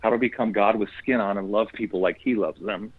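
A man talks earnestly about faith, in the manner of a preacher. His voice is husky. He comes through a tinny phone line with a dry sound. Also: on the low side, fairly even intonation, fast talker, no echo. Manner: earnest, preacherly, quotes scripture. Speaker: guest. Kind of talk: faith conversation.

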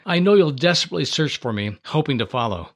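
Man voicing a tender sorrowful teacher, soft and unhurried, radio Bible reading. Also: a little high, animated. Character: calm, sorrowful male teacher, adult.

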